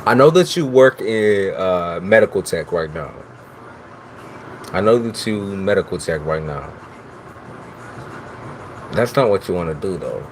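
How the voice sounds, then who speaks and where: Low-voiced and a little slow, the tarot reader leaves long pauses while his intonation stays lively. On his live stream he talks directly to chat in a teasing, profane, casual manner, over slight background noise.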